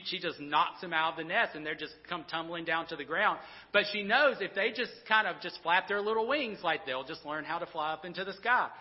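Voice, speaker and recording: A man in his thirties, a pastor preaching a sermon in a conversational, animated storytelling way with many restarts. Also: a little high. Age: 30s. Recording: dull sound with long hall reverb.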